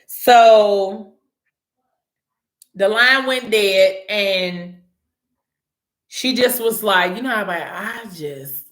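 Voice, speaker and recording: A young woman casually retelling a story, animated and slangy, with laughing asides. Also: medium pitch, drawn-out words, long pauses. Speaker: book recap vlogger. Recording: roomy echo.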